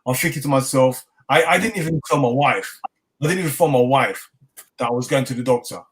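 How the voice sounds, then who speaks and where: A middle-aged London man with a mid-range voice talks briskly as a guest in a casual interview. He's a chef, and he tells his story with lots of energy, acting out the dialogue and laughing often.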